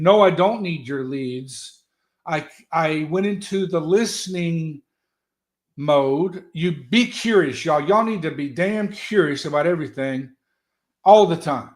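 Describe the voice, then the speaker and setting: A man telling stories as a guest in an animated, folksy, loud way. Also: on the high side, unhurried. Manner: animated, folksy storyteller who talks loud. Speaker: guest, political strategist. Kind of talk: casual motivational talk.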